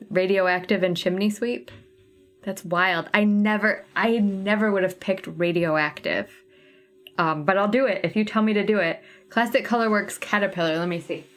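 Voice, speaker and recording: A woman hosting a casual craft livestream, chatting with viewers and thinking aloud as she sorts thread colors. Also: mid-range voice. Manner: chatty, thinking aloud while sorting flosses. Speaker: cross-stitch livestream host.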